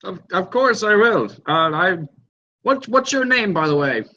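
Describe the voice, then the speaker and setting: A man voicing a young adventurer who bluffs in a hesitant, halting way, full of fillers. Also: sits high, big pitch swings, bright, forceful tone, muffled recording, heavily acted. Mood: polite.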